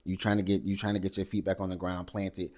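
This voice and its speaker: Casual male recap host, deep low voice, animated and chatty. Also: fast talker. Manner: animated, acts out cast members' lines in higher voices.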